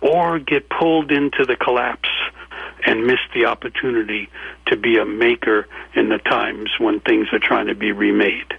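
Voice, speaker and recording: Raspy guy from new york on a phone line, slow thoughtful mythic talk, dry sound. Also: medium pitch, fairly even intonation, no room sound. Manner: measured, mythic storytelling tone. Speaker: author and guest. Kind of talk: reflective interview talk. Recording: tinny phone-line audio.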